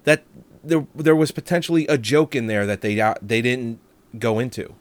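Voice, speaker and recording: A man's voice: mid-range voice, moderate pace. A man co-hosting a casual movie review podcast, recounting scenes and acting out quotes in conversation. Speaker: podcast co-host.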